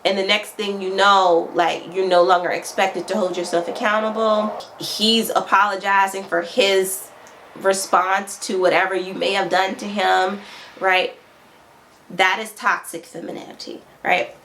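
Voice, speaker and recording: A woman coach talks straight to her viewers in a mid-pitched voice and keeps asking "right?" as she makes her points. Her phrases come round again and again. A faint hiss runs under the recording. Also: level tone, unhurried, a bit bright, rough recording. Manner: direct, repeats phrases and asks "right?"; acts out quoted voices with raised pitch. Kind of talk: instructional talk to viewers.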